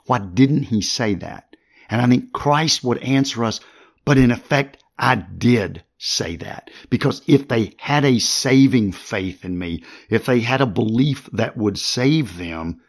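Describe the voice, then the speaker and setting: A mid-pitched male podcast host teaching from the Bible. He works through each passage step by step and reads verses aloud with their chapter and verse. His delivery is conversational and explanatory. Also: animated, unhurried. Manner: reads scripture aloud with references.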